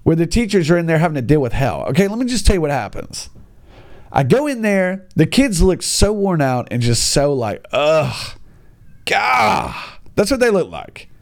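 An American English teacher delivers a stand-up style comic rant, exasperated and sarcastic, acting out the voices of kids and parents. His voice is a little high, very animated, and a little fast.

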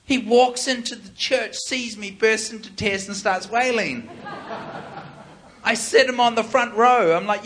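A man preaching, telling a lively story and acting out the quoted lines with laughter. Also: sits high, normal speed. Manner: animated, laughing, acts out quotes. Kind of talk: storytelling sermon.

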